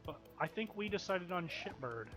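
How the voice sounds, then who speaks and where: A man's voice: sits high, expressive, normal speed, music in the background. A man giving crude, profane, rowdy commentary while streaming a game.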